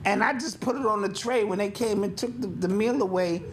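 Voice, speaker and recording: Animated older man telling a story. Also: high-pitched, fairly quick, a little hiss or hum. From United States. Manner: animated storyteller, acts out sounds and quotes. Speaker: podcast co-host. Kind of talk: casual chat.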